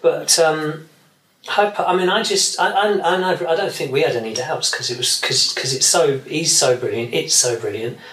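A man's voice: a little high, normal speed, a bit bright, echoey room, rough recording. A man, a session guitarist, chatting in an interview and rambling with many restarts. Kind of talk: casual interview chat.

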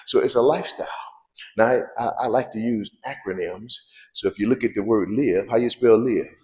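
A man's voice: fairly low pitch, darkish tone, reverberant. A male pastor preaching a sermon, repeating key phrases and asking the congregation questions. He talks in an informal, conversational way. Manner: preaching with call-and-response questions and repetition; informal spoken grammar, drops verbs.

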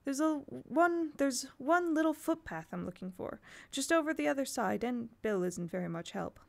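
A woman's voice: sits high, animated, moderate pace, vocal fry, voice pushed up. A woman reading a falsely charming lady with a cold edge. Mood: falsely pleasant. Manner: bright and sweet with a cold edge.

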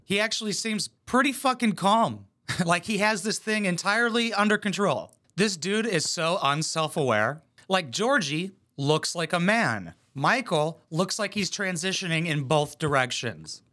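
A man's voice: high-pitched, lively intonation, unhurried, bright, forceful tone. A man hosting a reaction video, giving blunt, mocking commentary full of swearing. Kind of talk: profane sarcastic commentary.

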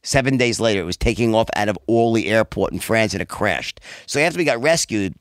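A middle-aged man telling wild stories as a podcast guest, profane and animated, acting out quotes in a high voice. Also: fairly quick, no room sound, studio quality. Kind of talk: casual storytelling interview.

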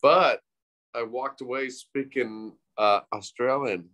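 Guest dude cracking jokes, chatty, teasing the host, mid pitch. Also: male voice, slow, a bit bright. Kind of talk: casual interview chat.

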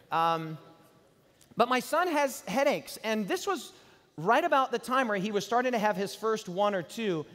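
Preacher, man, 40s, tenor voice, dramatic live sermon with hall reverb. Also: high voice. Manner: storytelling, dramatic swings from loud to hushed. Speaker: pastor. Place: large hall.

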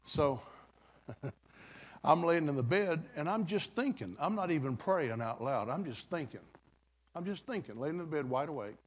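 A man's voice: fairly high pitch, expressive, moderate pace. An older man preaching a revival sermon, telling a folksy story in a conversational way with dramatic bursts.

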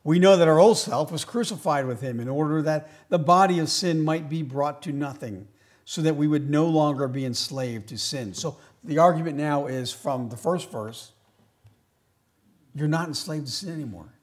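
A man preaching a sermon as pastor, slowing down to stress key phrases and shifting from loud emphatic lines to quiet asides. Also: a little high. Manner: slows right down on key phrases.

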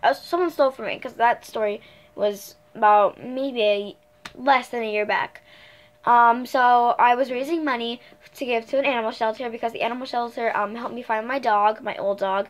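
A woman's voice: on the high side, steady tone, normal speed. A girl in her early teens chatting casually through a storytime vlog, rambling along with many fillers and self-corrections. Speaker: vlogger.

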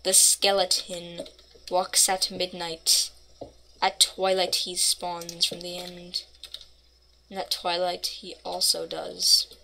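A woman's voice: mid-range voice, gravelly, pushed and bright, slight background noise. Playful woman narrating her gameplay. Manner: playful, mock-dramatic narration, rambling asides. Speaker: gaming channel host. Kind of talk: casual gameplay commentary.

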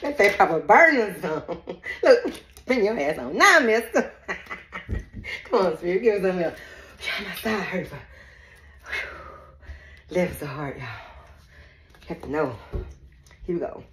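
A woman's voice: fairly low pitch, very animated, measured pace, long pauses, a bit bright, slight background noise. A woman giving a casual psychic reading who laughs often and talks bluntly and profanely straight to her viewers. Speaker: psychic reader. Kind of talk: casual spiritual reading chat. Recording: echoey room.

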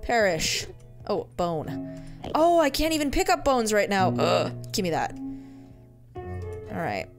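A woman's voice: mid-range voice, big pitch swings, slow, pauses often, over music. A woman giving casual gameplay commentary, muttering to herself in a playful, easily amused way. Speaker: let's-play gamer.

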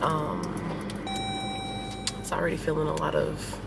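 A woman's voice: low voice, little pitch movement, measured pace, creaky, very noisy. A woman vlogger chatting candidly and rambling straight to her viewers from inside a car. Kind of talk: casual self-filmed vlog chat.

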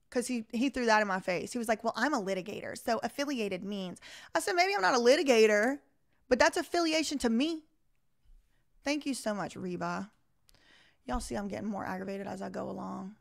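A woman hosts a casual live stream, reading an article aloud and breaking off to comment. Her voice sits a little high, and she talks straight to her viewers, animated and exasperated. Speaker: host of a live reaction stream.

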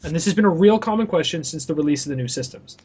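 High-voiced ranting young man. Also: racing, slightly rough. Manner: animated ranting with profanity. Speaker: podcast co-host. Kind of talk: casual podcast chat.

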